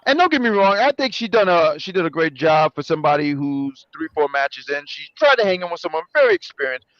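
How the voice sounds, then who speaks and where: A man co-hosting a casual review chat, animated and joking, often correcting himself. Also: a little high, quick pace, no room sound, muffled recording. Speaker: co-host.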